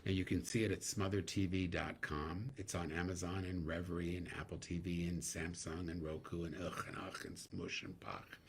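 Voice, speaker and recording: A middle-aged man, a guest actor, telling animated stories in a casual interview, laughing now and then. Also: low-pitched, normal speed, gravelly, hardly any pauses, slight background noise.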